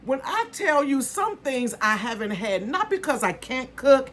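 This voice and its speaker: A woman in her fifties chatting casually to her viewers as a vlogger, calling them "honey" and "you guys" and bursting into excitement. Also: sits high, unhurried, slight background noise. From northern United States. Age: 50s.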